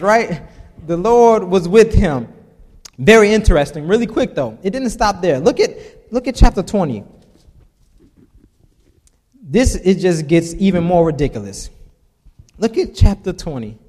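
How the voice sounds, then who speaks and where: A man's voice: high voice, long reverb tail. A man preaching a casual sermon, reading scripture aloud and adding chuckling, conversational asides.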